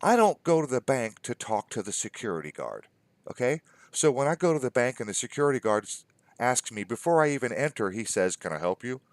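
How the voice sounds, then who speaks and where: A man's voice: mid-range voice, big pitch swings, brisk, no room sound. A man telling stories in a casual conversation, acting out the other people in them with exasperation. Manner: storytelling, quoting others in mock dialogue, exasperated.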